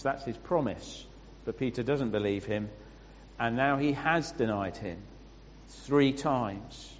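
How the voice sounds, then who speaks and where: A man's voice: medium pitch, a little hiss or hum. Man preaching in an echoing hall. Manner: explaining scripture with pauses and restarts. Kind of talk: sermon. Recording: muffled sound with long hall reverb.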